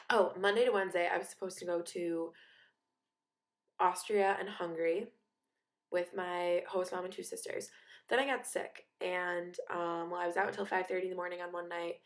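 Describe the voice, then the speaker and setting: A young woman in her late teens, an exchange student, rambling through a casual video diary. She fills her talk with "like" and "um" and sounds a little sick. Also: lowish voice. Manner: rambling, filler-heavy, chatty.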